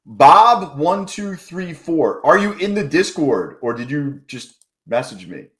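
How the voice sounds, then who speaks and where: A man's voice: a little high, sing-song, slow, fairly bright tone. A man hosting a live trading stream, talking in loose, profane, joking banter with his chat. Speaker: livestream trading host.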